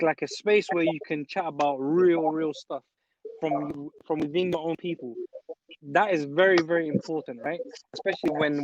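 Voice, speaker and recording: A man's voice: a little high, a little mellow, no room sound. A young man speaking earnestly in casual chat, often repeating words as he thinks. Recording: dull dry audio.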